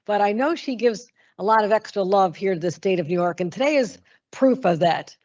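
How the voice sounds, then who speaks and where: A woman's voice: medium pitch, animated, a little fast, a little mellow, highs cut off. A woman giving a formal public speech as a governor, speaking in an upbeat, praising way.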